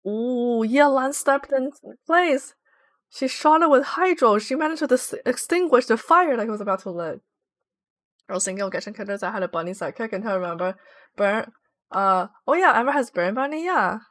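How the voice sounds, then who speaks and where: A woman's voice: a little high, lively intonation, brisk, fairly bright tone. A woman streaming a game, chatting casually and giggling as she reads viewer messages aloud. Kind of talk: casual livestream chat.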